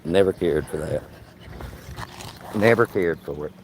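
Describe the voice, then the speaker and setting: A man's voice: deep voice, measured pace, darkish tone, slight background noise. A man, chatting casually on a live stream as he walks his dog outdoors. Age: 50s. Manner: talks to his dog as he strolls, folksy and joking. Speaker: vlogger. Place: outdoors on a neighborhood street. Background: faint outdoor ambience.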